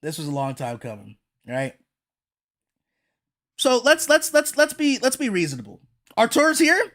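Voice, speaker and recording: A woman with a high, bright-pitched voice hosts a livestream reaction to a manga chapter. She addresses her chat directly in an excitable, hyped-up manner that often tips into frantic shouting. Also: measured pace.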